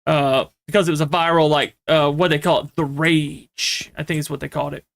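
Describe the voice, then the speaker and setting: A man's voice: a little high, flat delivery, a little fast, creaky. A man streaming a horror game, telling a long rambling story full of fillers and restarts. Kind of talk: casual chat while playing a horror game.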